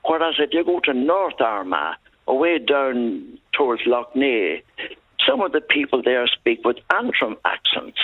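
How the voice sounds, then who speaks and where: A man's voice: medium pitch, big pitch swings, unhurried, no room sound. A male caller on a radio phone-in, telling stories in an emphatic, chatty way. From Ireland. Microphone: telephone. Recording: tinny phone line.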